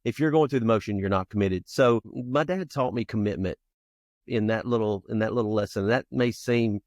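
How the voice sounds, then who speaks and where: A man's voice: lowish voice, normal speed, no echo, clean studio sound. A man in his fifties, a podcast guest telling personal stories in an earnest, conversational way and acting out scenes from his childhood. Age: 50s. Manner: lively storyteller who acts out childhood scenes; earnest, talks in restarts and asides. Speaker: podcast guest, founder and youth coach. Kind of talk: conversational storytelling interview.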